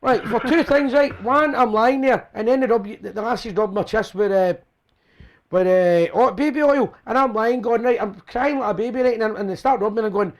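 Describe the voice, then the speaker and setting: A Scottish man with a high voice rattles through his talk at a brisk clip. He hosts a casual chat show, rambling and joking, and keeps tagging questions onto his stories. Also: muffled recording. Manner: fast, rambling and jokey, with constant tag questions. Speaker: host of a fan chat show and phone-in.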